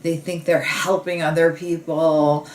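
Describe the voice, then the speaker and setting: Low, unhurried woman in an echoey room. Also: little pitch movement. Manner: rambling, heavy on "like" fillers and restarts. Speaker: comedian and podcast host. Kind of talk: casual podcast monologue. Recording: roomy echo.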